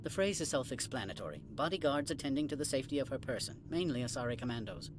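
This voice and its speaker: An actor playing a curt, condescending middle-aged administrator in a video game. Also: male voice, mid-range voice, expressive, quick pace, background noise, lightly acted. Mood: dismissive. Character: haughty middle-aged male corporate administrator.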